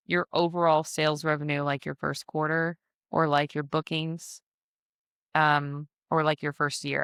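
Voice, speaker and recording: A woman's voice: low voice, fairly bright tone, clear, resonant tone, no echo, clean studio sound. A woman hosting a casual business-advice podcast, chatty with frequent fillers and self-deprecating asides. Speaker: podcast host and business mentor.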